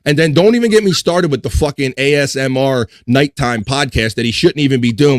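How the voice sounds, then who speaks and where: A man's voice: mid-range voice, animated, normal speed, background noise. A man hosting a casual livestream podcast, reading chat and ranting with heavy swearing and frequent laughter. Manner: profane, ranting, laughing while venting.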